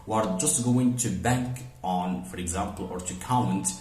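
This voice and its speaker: Low-voiced man teaching phonetics in an echoey room. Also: warm tone. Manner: explanatory, repeats example words slowly, frequent "okay" and "for example". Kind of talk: recorded phonetics lesson.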